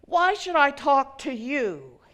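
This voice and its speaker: A man's voice: a little high, very animated, drawn-out words, pitched below the performer's own voice, exaggerated voice. A woman voicing a drunken, angry man who demands and then speaks heavily of grief. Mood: demanding.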